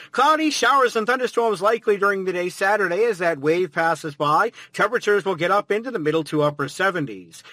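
High, bright male weather forecaster. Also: no echo.

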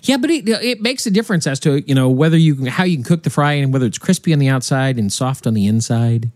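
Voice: mid-range voice, lively intonation, fast, darkish tone, dry recording. A radio co-host in casual studio chat, rambling and repeating words as they go.

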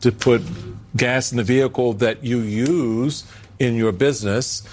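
A man co-hosting a news panel, posing questions in a halting way with many fillers. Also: mid-range voice, fairly even intonation, darkish tone. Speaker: news show co-host. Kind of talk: panel discussion.

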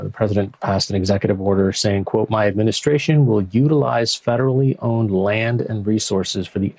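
A man interviewing a guest for a news program, asking measured, carefully qualified questions. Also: on the low side, a little mellow.

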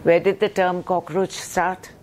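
A woman's voice: on the low side, little pitch movement, measured pace, darkish tone, slight background noise. Impassioned woman politician. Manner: impassioned, indignant, rhetorical questions. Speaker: opposition member of parliament. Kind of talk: heated televised news interview.

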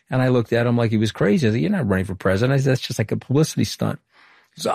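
A middle-aged man from Long Island, a former political communications director, answering interview questions in a brisk storytelling way full of quoted dialogue. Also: mid-range voice, vocal fry, a little mellow, no echo, studio quality. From Long Island, New York.

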